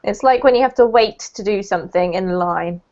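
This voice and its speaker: A woman's voice: medium pitch, fairly quick, darkish tone. A woman teaching English in an online lesson, explaining words patiently and checking understanding with little questions. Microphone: video call. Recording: muffled video-call audio.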